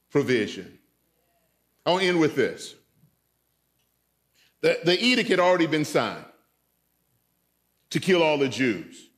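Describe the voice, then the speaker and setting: A man preaching a sermon as a guest preacher in a church, retelling a story in a playful, animated way and calling out to the congregation. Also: on the high side. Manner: animated, playful retelling with voiced characters and audience call-outs.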